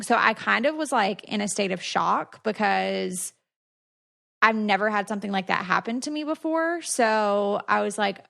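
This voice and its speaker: Gravelly-voiced woman telling a story. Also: mid-range voice, fairly even intonation, a little slow, a bit bright. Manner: chatty, many "like" fillers, quotes others in retelling. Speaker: podcast co-host. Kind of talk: casual storytelling.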